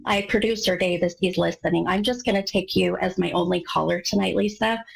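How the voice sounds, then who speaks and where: A woman's voice: on the low side, steady tone, fairly quick, gravelly, slightly rough, low-quality recording. An American woman hosting a live call-in psychic radio show, talking in an effusive, gushing way with many fillers. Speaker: radio psychic medium host.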